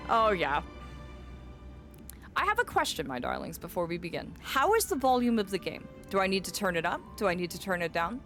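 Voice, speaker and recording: A woman streaming a game, chatting casually in an animated, rambling and playful way. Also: lowish voice, moderate pace, soft background music. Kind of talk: casual gameplay commentary.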